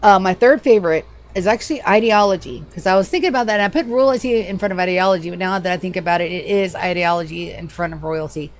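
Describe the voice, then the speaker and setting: A woman streaming a game live from home, chatting casually in a loose, profane, animated way at a desk microphone. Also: fairly low pitch, fast, hardly any pauses, slight background noise. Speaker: livestreamer. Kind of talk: casual gaming livestream chat.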